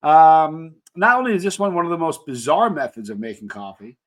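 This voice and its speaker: Male host, somewhat high voice with lively swings in pitch, playful aside-filled countdown delivery. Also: fairly quick. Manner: playful, asides and rhetorical questions to viewers. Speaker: channel host. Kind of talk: casual countdown commentary.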